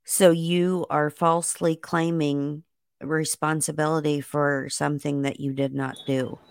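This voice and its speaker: A woman's voice: sits low, level tone, measured pace, vocal fry, dry recording. A woman hosting an interview, asking questions and affirming her guest thoughtfully. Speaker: host. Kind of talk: casual interview.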